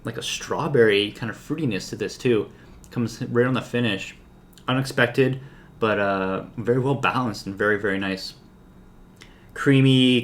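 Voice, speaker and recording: A man's voice: on the low side, fairly bright tone. A man hosting a whiskey review, talking casually and relaxedly with lots of "like" and "um" fillers.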